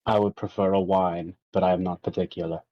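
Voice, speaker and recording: A man's voice: deep voice, flat delivery, brisk, highs cut off, lightly acted. A man voicing a formal adult character in a tabletop game, speaking stiffly and politely.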